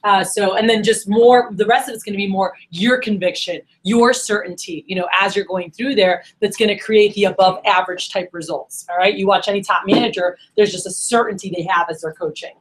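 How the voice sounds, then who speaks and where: Casting: brisk woman sales trainer, rapid-fire delivery, upbeat coaching, plays out quick calls with reps. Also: mid-range voice, poor audio. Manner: energetic, coaching, acts out phone calls. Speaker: sales manager coaching new managers. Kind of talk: training workshop talk.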